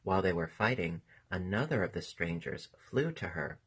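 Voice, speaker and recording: Male narrator for a storybook, gentle and expressive, low voice with lively melody. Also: moderate pace, slightly rough. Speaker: reader.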